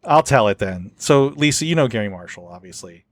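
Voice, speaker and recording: A man's voice: mid-range voice, expressive, fairly quick, no echo. A man hosting a casual podcast chat, rambling with many fillers as he tells stories. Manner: rambling, filler-heavy storytelling. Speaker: podcast host.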